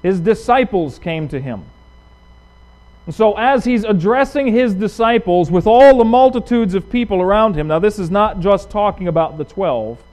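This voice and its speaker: A middle-aged man preaching a sermon as pastor, talking conversationally with emphatic rises and quick asides. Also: on the high side, a little mellow, rough recording.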